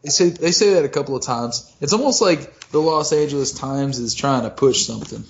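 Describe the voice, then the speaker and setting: A man's voice: medium pitch, brisk, slight background noise. A man co-hosting a casual comedic podcast chat, joking and swearing with frequent laughs. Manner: laughing, swearing, jokey asides. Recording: dull lo-fi recording.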